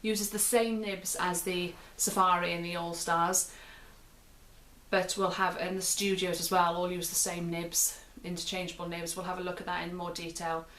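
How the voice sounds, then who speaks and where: British lady doing a pen review, kinda low voice, chatty, repeats herself a lot. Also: flat delivery, normal speed, a bit bright. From United Kingdom. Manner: chatty, repeats and restarts phrases while describing. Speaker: pen reviewer and show host. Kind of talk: casual product review.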